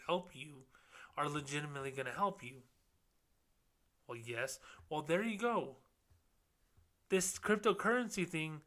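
Sarcastic man ranting, bright voice. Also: fairly high pitch. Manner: sarcastic, mocks people in put-on quotes. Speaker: podcast host, former banker. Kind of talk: casual ranting monologue.

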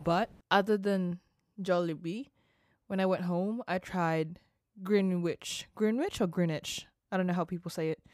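A young woman with Filipino English that shifts between American and Australian sounds, co-hosting a podcast and telling stories excitedly with playful teasing. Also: on the low side, a little slow, no room sound, studio quality. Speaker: podcast co-host. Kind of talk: casual chat.

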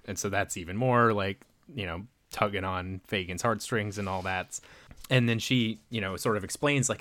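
Low-voiced man recapping a movie. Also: a bit bright, no room sound. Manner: rambling, filler-heavy retelling with quick voiced quotes. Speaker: podcast co-host. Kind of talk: casual movie recap chat.

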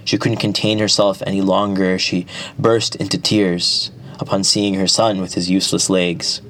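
A man narrating an epic folk tale at a measured pace, with small restarts. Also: sits low, flat delivery, fairly bright tone. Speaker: storyteller.

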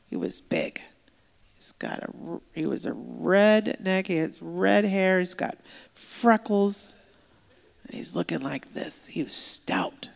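Gravelly-voiced woman interpreting a sermon. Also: fairly low pitch, long reverb tail. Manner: lively storytelling with voiced quotes. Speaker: sign language interpreter voicing a deaf pastor. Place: church sanctuary.

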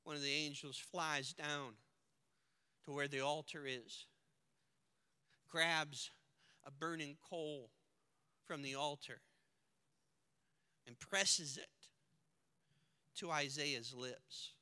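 A man preaching a sermon with dramatic swings from hushed to shouting, recorded in a church sanctuary. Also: on the high side, steady tone, takes it slowly, long pauses, smooth. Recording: long hall reverb.

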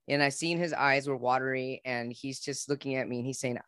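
A man speaks as a guest on a podcast, recounting his own life with earnest, open emotion. His voice sits at an ordinary middle pitch for a man. The recording is close and dry, with no room sound around it. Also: steady tone, a little fast, few pauses, a bit bright, clear, resonant tone, dry recording. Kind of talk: heartfelt personal storytelling.

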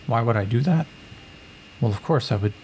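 A man's voice: mid-range voice, lively intonation, moderate pace, darkish tone, a little hiss or hum, natural voice. A man voicing a cold, calculating female Atlantean scientist who lectures in a clinical, condescending way. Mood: matter-of-fact.

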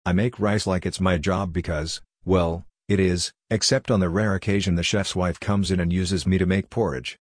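A man's voice: low-pitched, steady tone, normal speed, few pauses, no room sound. A man voicing a sardonic, teasing talking rice cooker in a storybook reading. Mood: wry. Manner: dry, teasing, chiding.

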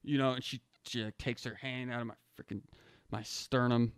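A man's voice: mid-range voice, little pitch movement, moderate pace, clean tone, no echo, studio quality. A young man telling a personal story casually, rambling and slangy, saying "dude" often and restarting his sentences.

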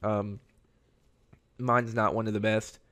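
A man with a lowish voice rambles through a solo podcast episode in a loose, chatty way. His delivery stays fairly flat, with little rise and fall. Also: takes it slowly. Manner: rambling and conversational. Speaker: podcast host. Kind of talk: casual solo podcast monologue.

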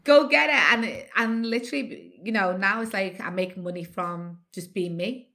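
A woman in her forties with a Scouse accent tells stories with lively energy. Her voice is bright and forward. She talks like a presenter in relaxed conversation. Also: mid-range voice, moderate pace. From Liverpool, England. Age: 40s. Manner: animated storyteller, laughs often. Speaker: TV presenter and guest. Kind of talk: casual interview chat.

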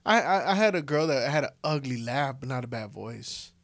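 A man's voice: mid-range voice, expressive, moderate pace, dry recording. A man co-hosting a podcast, chatting casually in slang and joking often. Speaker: podcast co-host.

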